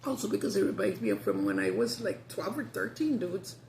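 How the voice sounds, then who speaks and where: Chatty woman vlogger, gravelly mid voice, casual and profane. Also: medium pitch, huge pitch swings, fairly quick, darkish tone, a little hiss or hum. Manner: chatty, swears freely, laughs often. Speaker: mukbang vlogger. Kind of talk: casual chat.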